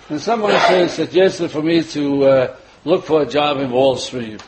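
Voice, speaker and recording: An older man, a rabbi, preaching a sermon and weaving in a personal story with frequent pauses and fillers. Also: a little high, slight background noise, rough recording. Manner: rambling, many filler pauses, chuckles at own jokes.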